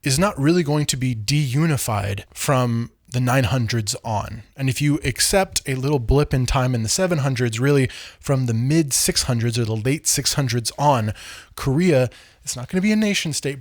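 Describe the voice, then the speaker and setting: A man's voice: medium pitch, no room sound. A man giving a casual, conversational history lecture, repeating points for emphasis.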